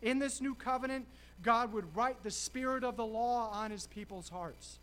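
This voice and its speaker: A man preaching a sermon, emphatic, slowing and stressing key words with dramatic pauses. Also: extremely high pitch, a bit bright, slight background noise.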